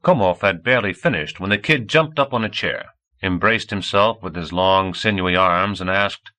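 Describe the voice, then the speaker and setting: Bright-toned man narrating a book. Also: low-pitched, moderate pace, low-quality recording. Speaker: audiobook narrator. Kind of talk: scripted narration.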